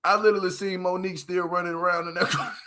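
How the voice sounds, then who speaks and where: A man riffing through a reality show recap in loose, slangy commentary, laughing often at what he saw. His voice sits high and sounds bright and sharp. The delivery is animated and conversational. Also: fast talker. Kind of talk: casual commentary vlog.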